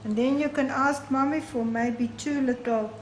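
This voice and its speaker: A woman's voice: high-pitched, fairly even intonation, reverberant, slight background noise. A woman telling a Bible story to children as a storyteller. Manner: slow, warm-toned teaching to children. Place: church hall.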